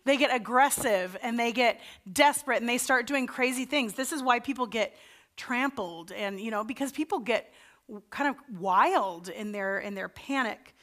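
A woman's voice: fairly high pitch, normal speed, fairly bright tone. Woman pastor preaching a story. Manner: conversational storytelling, acts out the Israelites' panicked voices. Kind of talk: sermon.

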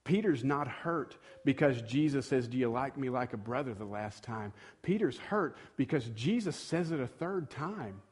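A man preaching a sermon at a middle pitch, talking to the congregation as if in conversation. He acts out the voices of the people in his story and pushes his emphasis up as the point lands. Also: lively intonation, moderate pace, few pauses, husky. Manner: conversational preaching, acting out quoted dialogue with rising emphasis. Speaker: pastor.

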